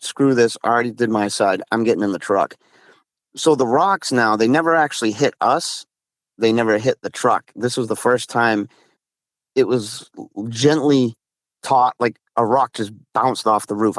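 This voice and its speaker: A man's voice: fairly low pitch, no echo. A man from Massachusetts casually recounting a frightening encounter, rambling with restarts and acting out both sides of conversations. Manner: rambling, restarts, quotes friend in dialogue. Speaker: guest telling an encounter. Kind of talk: casual storytelling.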